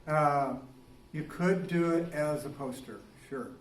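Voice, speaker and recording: A man teaching a biology class in a loose, rambling way, his voice pitched a little high. He is recorded from across an echoey classroom, with faint room noise underneath. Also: slow pace. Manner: casual and rambling, with many fillers and restarts. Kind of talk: classroom lecture. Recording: roomy classroom, recorded from a distance.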